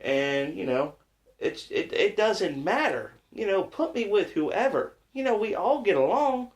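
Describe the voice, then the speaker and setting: A man's voice: high voice, animated, a little slow. A man talking in casual podcast chat, plain-spoken and earnest. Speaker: podcast guest.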